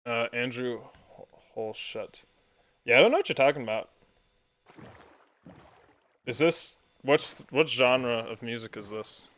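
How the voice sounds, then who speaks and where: Relaxed rambling male gamer. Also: mid-range voice, takes it slowly, pauses often. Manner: rambling and relaxed, with many fillers and side stories. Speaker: streamer playing a block-building game. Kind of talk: casual gameplay chat.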